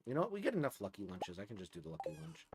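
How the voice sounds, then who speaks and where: A man's voice: on the low side, huge pitch swings, rapid-fire, background noise. A man giving casual, rambling commentary while playing a video game, often restarting his sentences as he chats with his viewers. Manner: chatty, rambling, frequent restarts. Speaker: gaming streamer. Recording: game music playing behind.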